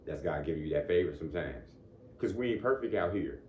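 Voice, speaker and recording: A man's voice: very deep voice, lively intonation, quick pace, dull audio, a little hiss or hum. A man giving a casual motivational talk. He speaks conversationally, keeps asking "you know what I'm saying," and chuckles between points. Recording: echoey room.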